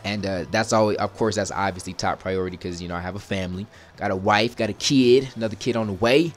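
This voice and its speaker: A young man with a slightly low voice talks casually over a football video game, chatty and relaxed with his audience. He often erupts into loud, exasperated yelling at the plays. A faint hiss of noise sits under the recording. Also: fast talker. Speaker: gaming YouTuber. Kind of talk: casual gameplay commentary.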